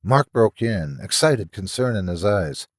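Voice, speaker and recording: A man narrating a scripted horror story in a measured, expressive way. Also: fairly low pitch, no room sound, studio quality.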